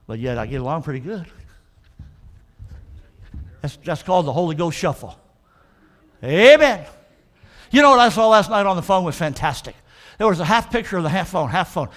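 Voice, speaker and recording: A male pastor with a notably high voice preaches to his congregation in a church. He talks emphatically and keeps calling for answers from the pews. He slows right down to stress each line of scripture. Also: fairly bright tone. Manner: emphatic, call-and-response with the congregation. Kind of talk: sermon.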